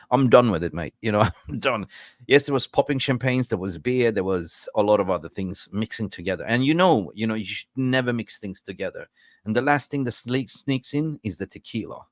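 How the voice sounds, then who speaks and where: Low-voiced man ranting on live stream. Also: no room sound, clean studio sound. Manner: rambling, chatty, reacting to viewer comments; frustrated and ranting with jokes. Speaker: live-stream football channel host. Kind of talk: casual live-stream chat.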